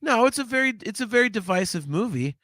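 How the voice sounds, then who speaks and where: A man's voice: high voice, very animated, quick pace, bright, forceful tone, no room sound, studio quality. A man co-hosting a live podcast in a casual chat, ranting animatedly with plenty of profanity. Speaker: podcast co-host.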